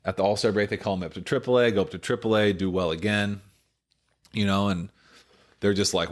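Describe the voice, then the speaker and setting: A man in his late thirties, a former baseball pitcher, telling his story casually in an interview, full of "like" and "you know.". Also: steady tone, fairly quick. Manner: rambling, filler-heavy retelling full of "like" and "you know".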